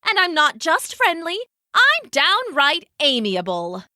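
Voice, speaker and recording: A woman's voice: extremely high pitch, wildly swooping pitch, slow pace, pushed and bright, dry recording, clean studio sound, voice pushed up, heavily acted. Woman doing a chirpy friendly flea. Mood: cheerful. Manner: chirpy, salesy. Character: cheerful friendly female flea.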